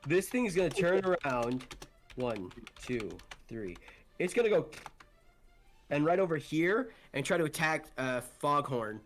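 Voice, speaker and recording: A young man narrates a tabletop game as game master in a high, lively voice. He takes his time, rambling and swearing loosely between his descriptions. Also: a little slow.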